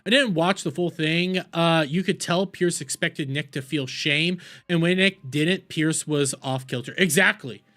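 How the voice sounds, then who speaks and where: Brief: profane, rambling reaction streamer at mid pitch. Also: measured pace, few pauses, a bit bright, faint music behind. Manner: profane, rambling, scrolls while talking. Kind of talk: casual reaction commentary.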